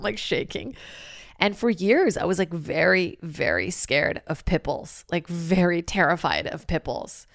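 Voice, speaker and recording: A woman's voice: on the low side, no echo, clean studio sound. A woman in her thirties hosting a podcast, telling stories casually with lots of "like" and swearing. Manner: animated, profane, filler-heavy with lots of "like". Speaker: podcast host. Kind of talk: casual comedic storytelling.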